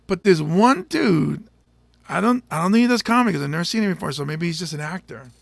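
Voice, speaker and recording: A man's voice: sits high, animated, quick pace, creaky, no echo. A male stand-up comedian chatting casually with his audience, rambling and joking and laughing often. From Samoa. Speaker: stand-up comedian hosting a show.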